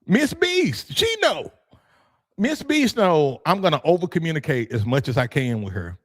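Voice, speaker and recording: A man hosting a youth football podcast, talking casually in an animated, joking way, laughing often and swearing freely. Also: a little high, moderate pace. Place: room with his degree on the wall.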